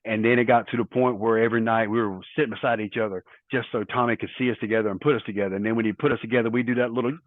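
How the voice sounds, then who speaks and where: A man's voice: medium pitch, steady tone, very fast, hardly any pauses, dry recording. A middle-aged man, a former wrestler, telling rambling stories in a casual interview, full of quoted dialogue. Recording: tinny phone-like line, dry.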